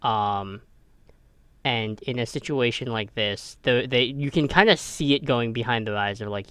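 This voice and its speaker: A man running a tabletop game over a voice call, narrating hesitantly with many pauses and fillers. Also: mid-range voice, a bit bright, clear, resonant tone, no echo. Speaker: game master. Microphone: home mic over a voice call.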